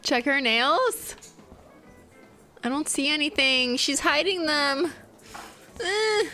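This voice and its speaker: A woman's voice: high-pitched, slow, bright, forceful tone, faint music behind. A woman with a Canadian accent hosting a live game stream, giggling, swearing and mimicking characters.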